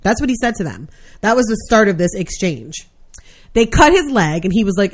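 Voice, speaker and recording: A woman's voice: mid-range voice, sing-song, normal speed. A woman co-hosting a casual podcast, recounting a news story bluntly with plenty of swearing. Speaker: podcast co-host. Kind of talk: casual chat.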